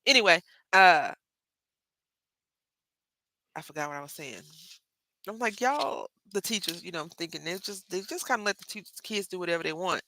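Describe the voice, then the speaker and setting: A woman's voice: on the low side, normal speed, pauses often, bright, forceful tone, no echo. A woman with a Southern Texas accent hosting a casual live craft tutorial, chatty and rambling, often addressing viewers as y'all. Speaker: craft livestream host.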